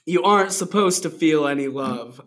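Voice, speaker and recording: A reader voicing a snide, sarcastic young woman from a story, with a slow, mocking delivery. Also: medium pitch, fairly bright tone, natural voice.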